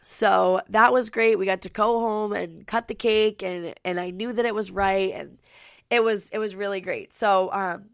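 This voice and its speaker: A young woman in her twenties hosting a podcast from her home studio, rambling in a friendly, filler-heavy way. Her voice has a noticeable vocal fry and a slightly stuffy nose. The sound is dry and close, with no room echo. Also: mid-range voice, fairly even intonation, normal speed. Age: 20s. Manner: chatty, lots of "like" fillers. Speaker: podcast host. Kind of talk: casual podcast chat.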